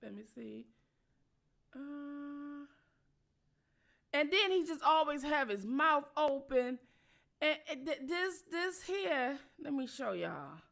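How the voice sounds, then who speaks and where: Bright-voiced woman ranting casually. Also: high voice, expressive, slow, creaky, pauses often. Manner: profane, repetitive, emphatic. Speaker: channel host. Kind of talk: casual political commentary.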